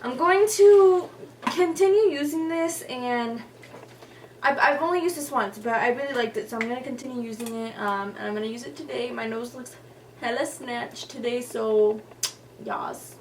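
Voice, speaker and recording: A woman's voice: on the high side, steady tone, normal speed, far from the mic. A young woman beauty vlogger telling a story while doing her makeup, chatty and profane, full of "like" and "y'all". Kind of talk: casual storytelling during a makeup tutorial. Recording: voice a little off-mic with faint noise.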